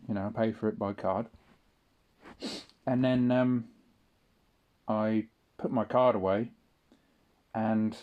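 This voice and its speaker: A man's voice: on the low side, warm tone. A young man delivering an indignant, sweary solo audio-log monologue, tagging his points with questions. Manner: indignant ranting, frequent tag questions and swearing. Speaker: vlogger.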